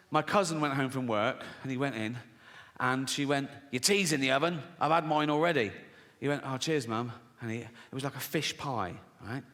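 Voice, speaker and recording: Brash, brightly toned male comedian. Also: mid-range voice. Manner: brash, swearing, acts out voices of his mum and others. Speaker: stand-up comedian. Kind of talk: stand-up comedy storytelling. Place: large theatre stage with a live audience. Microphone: stage microphone. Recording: live hall recording with long reverb.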